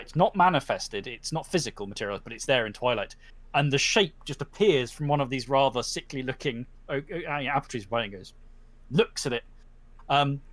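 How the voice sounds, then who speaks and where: A man's voice: mid-range voice, no room sound. A man narrating a tabletop game as game master, rambling and full of fillers. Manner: rambling, animated, many fillers.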